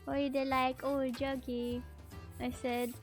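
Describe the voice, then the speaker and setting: High-voiced, slow-talking playful woman streamer. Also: faint music behind. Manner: chatty and playful, jumping much higher when excited. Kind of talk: casual stream commentary reacting to a video.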